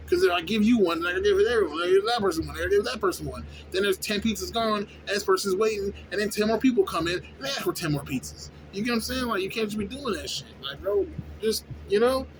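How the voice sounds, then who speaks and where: A young man who works at a fast-food place, venting in a casual, profane, rambling way and often asking "you know what I'm saying?". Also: high voice. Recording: noisy background with vehicle sounds.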